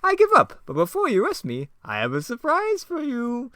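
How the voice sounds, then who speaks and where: A man putting on a cackling clown crime boss who stretches every taunt out slowly in a shrill, high voice. The delivery is bright and loud, with a lively, swooping pitch, read from a homemade script in a dry room. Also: no echo, full character voice. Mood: scheming. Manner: shrill, drawn-out and mocking. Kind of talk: reading an old homemade script aloud.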